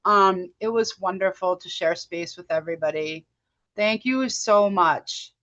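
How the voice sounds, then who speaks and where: A woman's voice: on the low side, unhurried, a bit bright, dull audio. A woman hosting a webinar over a video call, thanking the guests as she wraps up. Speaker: host. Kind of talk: closing a webinar.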